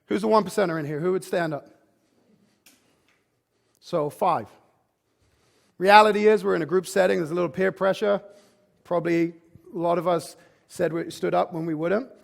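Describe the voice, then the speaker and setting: Gravelly, emphatic male conference speaker. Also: high-pitched, fairly even intonation, moderate pace, long pauses. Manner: emphatic, with frequent "like" and restarts. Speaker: fitness business speaker. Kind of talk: motivational conference presentation. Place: conference room with live audience.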